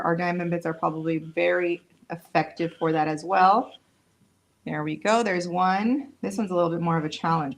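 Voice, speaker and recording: A woman whose voice is low-ish and gravelly demonstrates nail products on a casual livestream, talking the whole time she works. She sounds a bit tired and keeps making jokes about herself.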